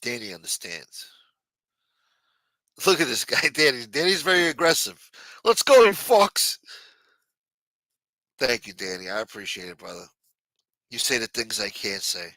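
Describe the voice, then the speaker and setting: A man's voice: lowish voice, expressive, moderate pace, long pauses, sharp tone, no echo. A man hosting a late-night livestream, chatting casually and profanely while reading viewer messages. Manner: loose, profane, jokey banter reading viewer chats. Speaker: livestream show host.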